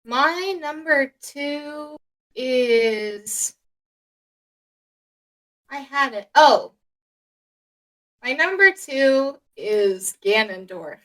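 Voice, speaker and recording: A woman's voice: sits high, animated, drawn-out words, long pauses, a bit bright. A young woman co-hosting a podcast in casual chat, hesitant and joking, with frequent fillers. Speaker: podcast co-host.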